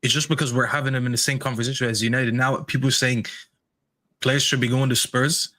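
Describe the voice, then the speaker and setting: A man's voice: mid-range voice, flat delivery, brisk, pushed and bright. A man co-hosting a football podcast, cutting in with pointed questions. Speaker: podcast co-host. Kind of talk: casual football podcast debate.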